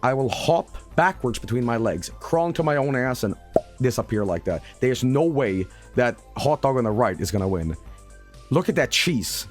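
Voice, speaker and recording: A man streaming gameplay commentary in a casual, hyperbolic way, with mock-announcer flourishes and shouted swearing at losses. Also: mid-range voice, sing-song, moderate pace, faint music behind.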